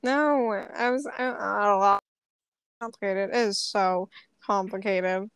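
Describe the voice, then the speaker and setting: Giggly young woman, crisp dry voice. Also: medium pitch, steady tone, slow, no echo. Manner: giggly, rambling with many fillers. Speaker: co-host. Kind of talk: casual chat.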